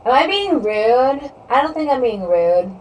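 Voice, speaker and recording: A woman's voice: high-pitched, very animated, unhurried, darkish tone. Rambling woman streamer chatting with her viewers. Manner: rambling, leans heavily on "you know". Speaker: live streamer. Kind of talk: casual live-stream chat with viewers. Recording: distant mic with faint background noise.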